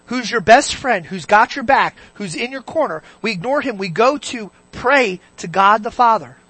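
Medium in pitch, this preacher delivers a lively sermon, peppering the congregation with questions and shifting between loud outbursts and quiet asides.

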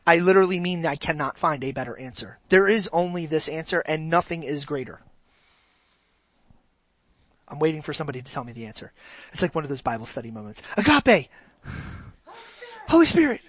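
Animated preacher with a dry sound. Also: mid-range voice, no room sound, low-quality recording. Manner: animated, asks the congregation rhetorical questions. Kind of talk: sermon.

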